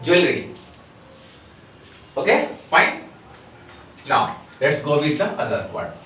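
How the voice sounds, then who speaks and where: A man with an Indian English accent teaching pronunciation, repeating each word slowly and deliberately like a classroom drill. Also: fairly high pitch, sing-song, bright, forceful tone, slight background noise. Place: classroom or coaching centre. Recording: echoey room, voice from a distance.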